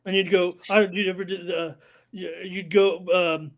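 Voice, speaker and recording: A man's voice: high voice, flat delivery, moderate pace. A man co-hosting a casual sports betting stream, joking, telling stories and laughing often. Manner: jokey storyteller, puts on voices, laughs often. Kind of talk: casual chat.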